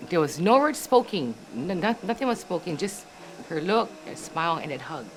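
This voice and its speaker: A woman in her later years speaks with a lilt in a fairly low voice. She tells a personal family memory with heartfelt, halting repetition and many "you know"s. Faint background noise can be heard. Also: very animated. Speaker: family member sharing memories. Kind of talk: emotional personal storytelling.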